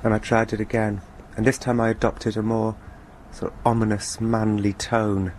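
A man presenting a radio programme, telling a first-person story in a dry, deadpan way. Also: lowish voice, moderate pace, a little hiss or hum.

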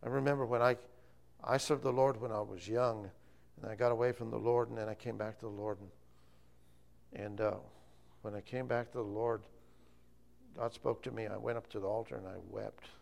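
A man's voice: fairly low pitch, fairly even intonation, moderate pace, creaky, darkish tone. A man preaching an informal sermon, rambling and often correcting himself. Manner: rambling, self-correcting, chatty.

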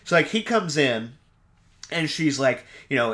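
A man's voice: medium pitch, moderate pace, a bit bright. A man casually recapping a film plot on a podcast, rambling with lots of fillers and acting out lines. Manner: rambling, heavy use of "like", acts out quotes. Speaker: podcast co-host.

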